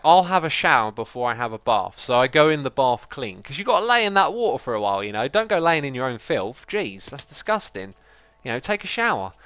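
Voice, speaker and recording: A man chatting casually as he streams a game, excitable and quick to laugh. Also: medium pitch, smooth, dry recording. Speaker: livestreaming gamer. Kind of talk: casual gameplay commentary.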